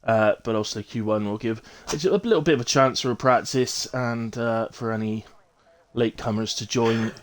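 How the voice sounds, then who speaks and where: A man's voice: mid-range voice, moderate pace. A man with a Bristol accent casually commentating a sim racing league on a live stream, chatty and rambling with ums and self-corrections. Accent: Bristolian English.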